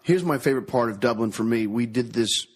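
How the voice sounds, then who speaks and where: Husky, excitable male podcast guest. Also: mid-range voice, fairly quick. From Missouri, USA. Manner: excitable, rambling anecdote teller. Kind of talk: casual chat.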